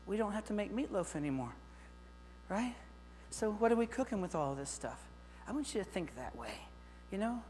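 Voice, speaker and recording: A middle-aged man giving a lively, joking keynote talk to teachers, speaking straight to the audience. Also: high-pitched, normal speed, soft background music. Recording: long hall reverb with faint mains hum.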